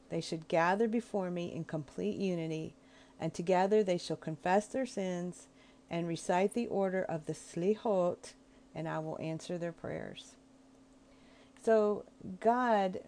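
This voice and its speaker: A woman speaking in a low, mellow voice, giving an informal talk on prayer. She is gentle and reflective, and she often pauses to search for the right words as she explains.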